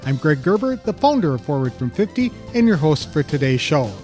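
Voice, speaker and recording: Man hosting a podcast, higher voice. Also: very animated, a little mellow, soft background music. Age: older. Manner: measured, reads a prepared introduction. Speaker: podcast host. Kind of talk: scripted podcast intro and interview.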